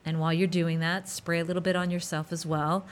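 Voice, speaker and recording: A woman co-hosting a podcast, chatting casually with an animated, gushing energy. Her voice sits a little low for a woman, and she talks in quick enthusiastic bursts. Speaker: podcast co-host.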